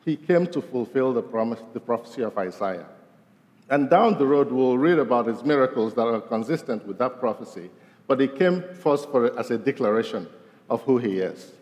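A man preaching a sermon as pastor, his voice rising to stress points and falling low at the end of each. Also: normal speed, lo-fi sound. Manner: animated, voice rising for emphasis and dropping low at ends of points. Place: church sanctuary. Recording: long reverb of a large hall.

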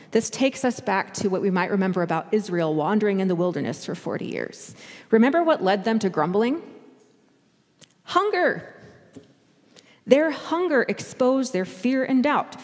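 A woman's voice: mid-range voice, animated, normal speed, darkish tone. Woman pastor preaching in a reverberant hall. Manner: conversational, acts out quoted voices. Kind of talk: sermon.

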